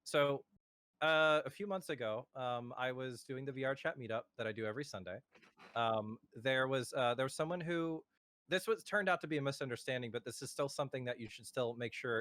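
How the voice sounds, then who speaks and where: A man's voice: mid-range voice, a little fast, a bit bright. A man streamer telling anecdotes on a casual podcast, with firm warnings and hesitant fillers, over a remote voice call.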